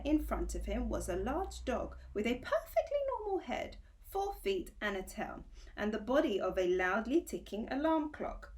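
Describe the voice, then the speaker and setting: Kobieta czytająca na głos powieść dla dzieci. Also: female voice, medium pitch. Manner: clear storytelling with small slips. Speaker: teacher reading aloud. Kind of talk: reading a children's book aloud.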